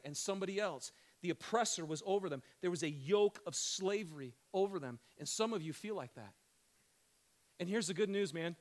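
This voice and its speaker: A man preaching a sermon, conversational and animated, swinging from loud excited questions to hushed emphatic lines. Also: high voice. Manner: conversational, addresses crowd as "you guys". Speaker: pastor.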